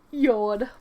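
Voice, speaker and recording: A woman's voice: a little high, highs cut off, slight background noise. A woman streaming a video game live, chatting casually and rambling, often repeating her own phrases.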